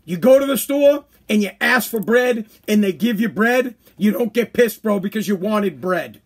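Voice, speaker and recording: A man's voice: sits high, lively intonation, normal speed, husky. A man hosting his own podcast, ranting bluntly and crudely, with speech and mock voices. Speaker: podcast host. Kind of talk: ranting commentary.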